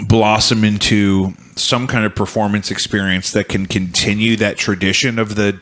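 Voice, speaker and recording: A man's voice: on the low side, flat delivery, moderate pace, a bit bright. A man hosting a podcast in a home studio, talking through ideas in long, thoughtful, rambling explanations. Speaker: podcast host. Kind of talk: casual chat.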